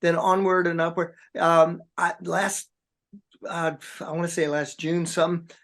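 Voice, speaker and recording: Man, rock drummer guest, rambling chatty storyteller, slightly high voice. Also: little pitch movement, a little slow, fairly bright tone. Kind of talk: casual interview chat.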